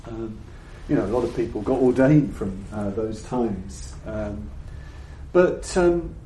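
An older man giving a reflective Buddhist dharma talk to an audience. He speaks in a halting, thoughtful way and often repeats words while he searches for the phrasing. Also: on the low side, lively intonation, dark tone. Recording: roomy echo with faint background noise.

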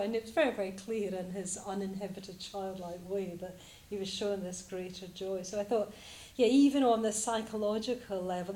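A woman's voice: mid-range voice, dark tone, echoey room, slight background noise. A woman from Scotland giving a reflective Buddhist talk to a group, hesitant and full of fillers.

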